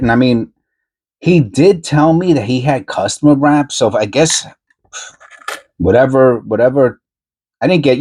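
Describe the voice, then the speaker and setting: A man hosting his own coin hunting video, talking casually and rambling as he goes, often repeating himself and correcting himself mid-sentence with excited asides. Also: on the low side, husky. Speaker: coin roll hunting channel host. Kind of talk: casual chat while searching coins.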